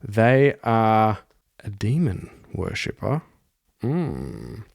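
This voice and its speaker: A man's voice: lowish voice, sing-song, drawn-out words, gravelly, no echo, clean studio sound. A man hosting a podcast, narrating a solo tabletop game and thinking aloud as he rolls dice. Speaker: podcast host and solo player.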